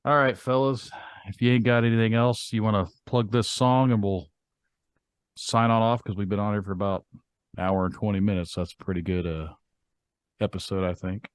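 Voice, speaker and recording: A man hosts a casual podcast interview, laid-back and joking. His voice is very deep. The recording is dry and close, with no room sound. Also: fairly even intonation, normal speed, smooth, dry recording. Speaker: podcast host.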